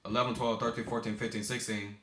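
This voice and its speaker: Speaking quickly in a lowish, fairly bright voice with little pitch movement, a young American video maker rambles through casual commentary. He frequently stumbles and self-corrects mid-sentence, and the room has an echo.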